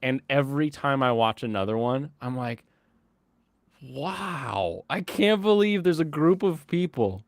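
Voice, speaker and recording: A man's voice: mid-range voice, measured pace, dry recording. Sardonic man ranting in a dry room. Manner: animated, sardonic ranting, slips into mocking voices. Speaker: host. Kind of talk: casual podcast chat.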